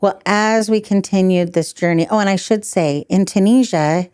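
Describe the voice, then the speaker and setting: A middle-aged woman telling stories as a podcast guest, animated, laughing often and acting out quotes. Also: medium pitch, moderate pace, clean tone, no room sound, studio quality. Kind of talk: storytelling in a podcast interview.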